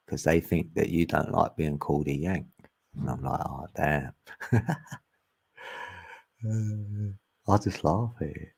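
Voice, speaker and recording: Slow chill guy, low gravelly voice, laughs a lot. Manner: laid-back, laughs often, slangy. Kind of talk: casual chat.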